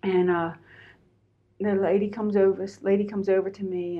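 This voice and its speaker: A woman's voice: medium pitch, steady tone, moderate pace, mellow. A middle-aged woman from Pennsylvania, a guest telling her own story candidly and animatedly, with lots of fillers. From Pennsylvania, USA. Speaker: interview guest. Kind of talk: personal storytelling in conversation.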